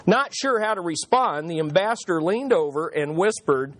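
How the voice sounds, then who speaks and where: A man with a notably high-pitched voice delivers a sermon, weaving humorous anecdotes into his lesson. He draws the congregation in with call and response and repeats his key lines for emphasis. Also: expressive, moderate pace, fairly bright tone. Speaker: pastor. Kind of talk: sermon with jokes.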